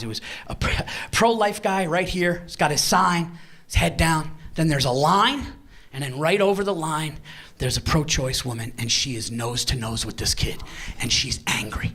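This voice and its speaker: A man doing a stand-up comedy set in a live venue, brash and profane, shouting his punchlines. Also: fairly high pitch.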